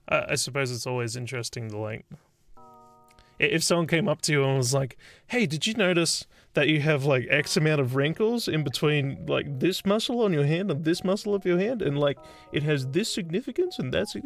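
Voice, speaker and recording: Gravelly Australian man thinking aloud. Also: a little high, expressive, fairly quick, faint music behind. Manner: rambling, thinks aloud with trailing restarts. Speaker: streamer and game developer. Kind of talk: casual live-stream chat while coding.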